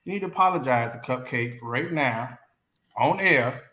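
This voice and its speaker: Man, podcast co-host, teasing, bright tense voice, roomy echo. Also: medium pitch, expressive, normal speed. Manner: teasing, prodding. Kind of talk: casual chat. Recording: echoey room.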